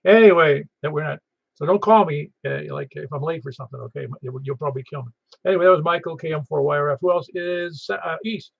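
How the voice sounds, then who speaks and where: Raspy fast-talking man hosting a radio net. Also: on the high side, dry recording. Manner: rambling, chatty, self-interrupting storyteller. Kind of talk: casual ham radio net chat. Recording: slightly muffled lo-fi audio.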